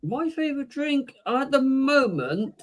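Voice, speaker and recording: A British man with a high voice co-hosts a relaxed podcast over a video call. He talks easily, often pausing on fillers, with a faint hiss behind him. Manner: laid-back, hesitant with fillers. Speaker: podcast co-host. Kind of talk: casual chat.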